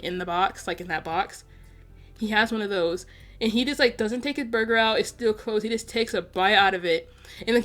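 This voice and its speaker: A woman's voice: medium pitch, a bit bright. Rambling young woman vlogger. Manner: rambling, exasperated, lots of "like" fillers. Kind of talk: casual chat over gameplay.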